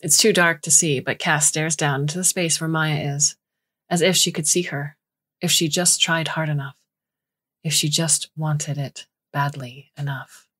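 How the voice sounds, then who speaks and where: A woman narrating a short story in a measured, scripted reading. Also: sits low, fairly even intonation, a bit bright, husky.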